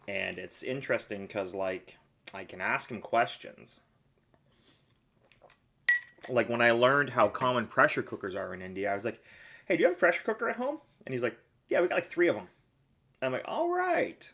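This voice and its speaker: Middle-aged man, lowish voice, casual live-stream chef telling anecdotes. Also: a bit bright. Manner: rambling storyteller, acts out quoted voices.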